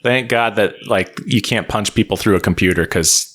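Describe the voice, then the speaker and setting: A man's voice: on the low side, moderate pace, fairly bright tone. Joking, rambling male podcast co-host. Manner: joking, rambling, laughs often. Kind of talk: casual chat.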